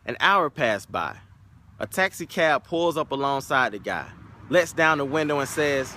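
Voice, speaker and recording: A man's voice: mid-range voice, animated, unhurried, sharp tone, a little hiss or hum. A man giving an emphatic motivational talk that opens with a told story. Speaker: motivational speaker.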